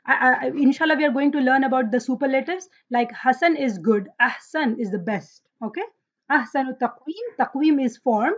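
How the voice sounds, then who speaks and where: Leading an online Arabic grammar lesson, a high-voiced woman talks at a normal speed, asks her students questions, commends their replies and recites verses from the Quran. The lo-fi recording sounds dull.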